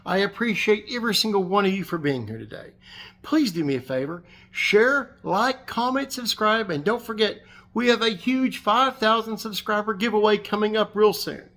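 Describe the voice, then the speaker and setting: A man's voice: high voice, normal speed, sharp tone. A man hosting his fishing channel, delivering a sarcastic, combative rant and telling a story. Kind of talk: ranting vlog monologue and anecdote.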